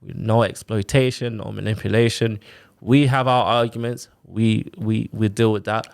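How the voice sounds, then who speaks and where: Low-voiced man telling his story. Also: normal speed, vocal fry, clean tone. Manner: animated retelling with quoted exchanges, fillers like "like" and "innit". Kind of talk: casual chat, personal story.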